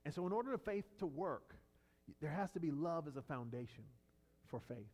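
Dynamic preacher with lively pitch. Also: male voice, a little fast, in a large hall. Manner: dynamic preaching, swinging from loud emphatic peaks to low quiet lines; conversational asides and storytelling with fillers and restarts. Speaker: pastor. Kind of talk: sermon.

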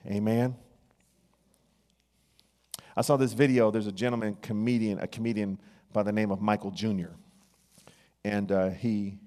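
Preacher in a long-echoing hall. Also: male voice, lowish voice. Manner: builds from hushed, drawn-out phrases to loud excited bursts. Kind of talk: sermon.

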